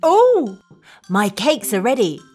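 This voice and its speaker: A woman's voice: on the high side, very animated, slow pace, faint music behind. A woman teaching children English in a scripted cartoon lesson, talking in an exaggerated sing-song way that coaxes kids to repeat phrases.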